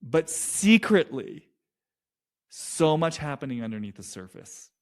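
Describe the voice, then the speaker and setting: A man's voice: fairly high pitch, sing-song, unhurried. Rambling, casual man breaking down drama. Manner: loose and rambling, many fillers and restarts, swears freely. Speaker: commentator on a reality show. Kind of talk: casual analytic monologue.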